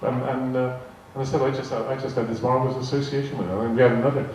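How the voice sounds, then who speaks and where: A man's voice: mid-range voice, flat delivery, fast, a little mellow. An older man telling rambling anecdotes to a live audience, often repeating words and acting out quoted dialogue. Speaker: guest speaker telling anecdotes. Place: large arts hall. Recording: echoey hall, distant mic, faint noise. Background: audience laughter.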